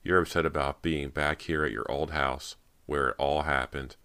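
A man voicing a warm, outgoing teenage boy actor who talks with easy, gentle concern. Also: extremely low pitch, fairly even intonation, moderate pace, smooth, dry recording, heavily acted.

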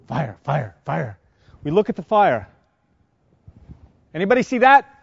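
A middle-aged man with a New York accent, lecturing a class of firefighters and quizzing them with quick questions. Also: high voice, dry recording. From Long Island, New York. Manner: quizzing the audience with rapid questions. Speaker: fire service instructor. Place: conference lecture room. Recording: dry, dull lo-fi sound.

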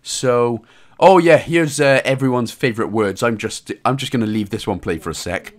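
A man with a Welsh accent giving a casual, joking game walkthrough, swearing a little and calmly repeating his instructions. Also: mid-range voice, normal speed. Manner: irreverent, joking, mild swearing. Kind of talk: casual commentary over gameplay.

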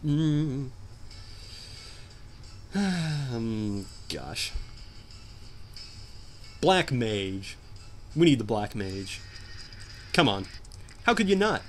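A young man giving jokey, animated commentary while playing a hard video game, often shouting in frustration. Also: mid-range voice, drawn-out words, long pauses, soft background music. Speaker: gameplay commentator. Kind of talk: let's play commentary.

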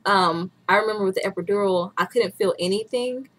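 A woman's voice: mid-range voice, fairly quick, a bit bright. A woman in her twenties chatting candidly as a vlogger, laughing often as she talks. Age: 20s. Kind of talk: casual chat.

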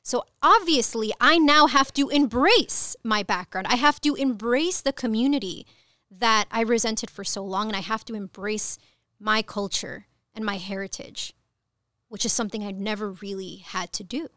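Frank, animated woman telling her story. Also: a little high, normal speed, no echo, studio quality. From Ecuador. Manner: frank, animated, swears casually. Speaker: podcast guest, cannabis attorney. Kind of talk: candid conversational storytelling.

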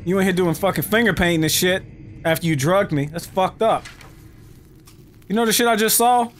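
A man with a Southern US accent giving profane, excitable let's-play commentary, yelping and shouting when startled. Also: high-pitched, moderate pace, slight background noise. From United States. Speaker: gaming YouTuber.

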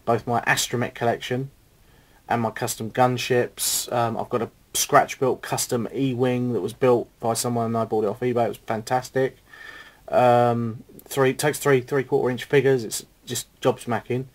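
Middle-aged guy rambling on his vlog, eager, lots of ums and restarts, medium-pitched voice. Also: little pitch movement, moderate pace. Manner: enthusiastic, rambling with restarts and fillers. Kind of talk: casual video blog answering questions.

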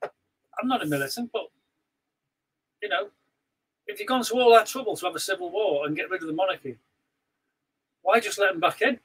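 A man with a Scouse accent, chatting on a live stream as co-host, blunt and animated, telling stories with lots of restarts. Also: sits high, fairly quick, pauses often, breathy edge, poor audio. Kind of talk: casual live-stream chat.

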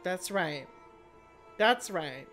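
A woman hosting a video reaction to a TV episode, chatty and excitable, calling viewers honey. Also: lowish voice, drawn-out words, soft background music.

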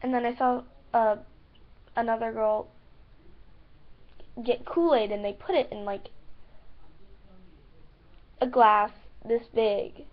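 A woman's voice: on the high side, fairly even intonation, takes it slowly, pauses often, dull audio. An American woman vlogging casually to camera, chatty and giggly, lightly teasing her viewers.

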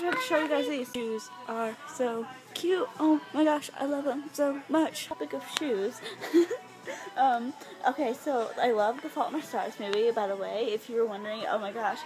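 A young woman chatting in a rambling, giggly, excitable way as she vlogs on her phone while walking through stores. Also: fairly high pitch, poor audio. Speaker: vlogger. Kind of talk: casual vlog chat. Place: inside stores and a mall. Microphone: phone held while filming.

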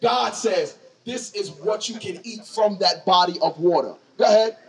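A man's voice: high voice, moderate pace. A man teaching scripture to a crowd in a slangy, conversational call-and-response style, quizzing his listeners. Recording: distant mic amid a lively crowd.

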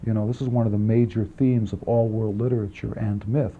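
A man being interviewed about his film work, talking quickly in long rambling answers with many restarts and asides, on an old archival tape. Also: fairly low pitch, little pitch movement, mellow. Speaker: film writer and director, interview guest. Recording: dull archival 1980s interview tape, faint hiss.

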